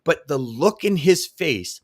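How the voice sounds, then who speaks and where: Animated middle-aged male talk show host. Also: on the high side, slow, slightly rough. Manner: animated storyteller, acts out dialogue. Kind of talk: casual chat.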